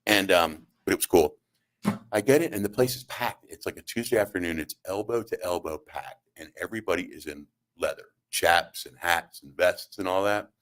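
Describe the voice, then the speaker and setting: Middle-aged man, radio host, very low voice, rambling comic storyteller, halting delivery, studio mic. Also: fairly bright tone. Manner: rambling, halting, with acted-out quotes. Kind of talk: comedic storytelling on talk radio.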